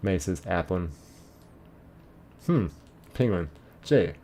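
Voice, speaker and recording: A man's voice: deep voice, takes it slowly, gravelly, long pauses, dark tone. A man streaming a game, casually reading chat messages aloud, laid-back and chuckling.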